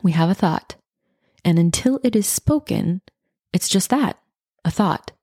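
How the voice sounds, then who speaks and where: A woman in her thirties hosting a self-help podcast, talking in an earnest, gushing way and dropping into soft, breathy passages. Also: on the low side, animated, unhurried, pauses often, no room sound, clean studio sound. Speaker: podcast host.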